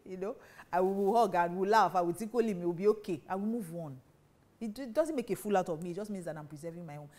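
A woman preaches at a quick clip, firing question after question at her listeners. Her voice sits mellow and warm rather than bright, and she teaches on marriage with emphatic conviction. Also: medium pitch. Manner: emphatic, fires rhetorical questions. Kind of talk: preaching talk to women.

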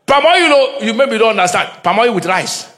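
A man's voice: very high voice, a bit bright. A middle-aged man, a pastor preaching a humorous sermon with call-and-response and Pidgin asides in a church.

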